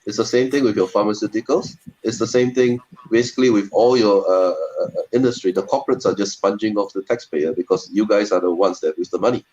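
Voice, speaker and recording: A man's voice: lowish voice, brisk, hardly any pauses, darkish tone, highs cut off. A man with a Singaporean English accent arguing emphatically on a video call, stumbling over repeated words. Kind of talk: casual debate on a video call.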